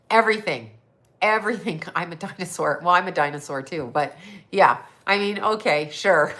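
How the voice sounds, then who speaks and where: A middle-aged woman, a psychic and astrologer, chatting on a livestream in a hoarse, scratchy voice, mocking and sarcastic, laughing often and swearing. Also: medium pitch, expressive, normal speed, a bit bright. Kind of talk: casual livestream chat.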